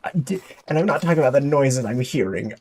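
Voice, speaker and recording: A man's voice: medium pitch, quick pace. A man streaming a survival game, giving chatty, playful live commentary with jokey exclamations. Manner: chatty, playful, self-mocking; excitable exclamations.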